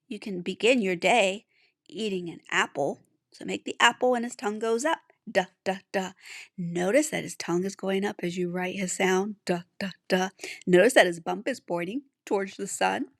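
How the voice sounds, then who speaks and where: A woman teaching young children to write letters, patient and sounding out each letter slowly. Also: medium pitch, a bit bright, no room sound, studio quality. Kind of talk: handwriting lesson for young children.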